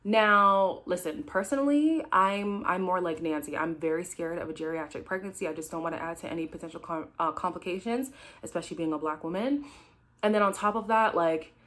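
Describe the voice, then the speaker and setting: A woman's voice: lowish voice, brisk, fairly bright tone. A woman hosting a casual recap, talking frankly and chatting straight to her viewers. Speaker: recap host. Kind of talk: casual reaction commentary.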